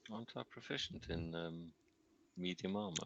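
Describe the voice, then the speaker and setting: Very deep gravelly man on a dull lo-fi mic. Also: expressive, moderate pace, a bit bright, slight background noise. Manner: joking, questioning, laughs easily. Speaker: player. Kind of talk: casual tabletop game chat.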